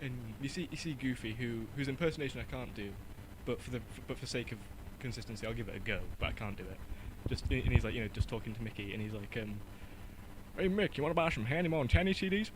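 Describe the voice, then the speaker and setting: A man's voice: mid-range voice, steady tone, fast, hardly any pauses, background noise. A man co-hosting a casual podcast, rambling and self-deprecating, laughing at his own jokes. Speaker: podcast co-host and intro guy.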